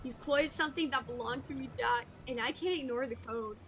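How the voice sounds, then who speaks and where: A woman's voice: high voice, brisk, fairly bright tone, a little hiss or hum. A woman reading as an indignant young rogue. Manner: indignant, exclamatory. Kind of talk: reading game dialogue aloud.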